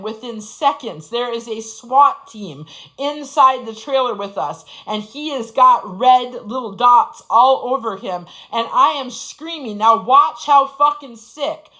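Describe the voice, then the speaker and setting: A woman's voice: fairly high pitch, sharp tone, rough recording. A woman in her forties giving an impassioned, profane personal testimony, repeating phrases for emphasis. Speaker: speaker sharing her story.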